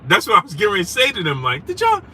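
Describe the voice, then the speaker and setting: A young man, hosting a casual livestream, telling a story animatedly and shouting out viewers. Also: high-pitched, big pitch swings, racing. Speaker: livestream host. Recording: noisy street background.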